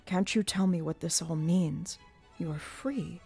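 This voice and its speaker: A woman's voice: lowish voice, measured pace, creaky, a little mellow, husky, soft background music, exaggerated voice. Woman voicing a bitter jealous young nobleman. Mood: pleading. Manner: sarcastic, reproachful.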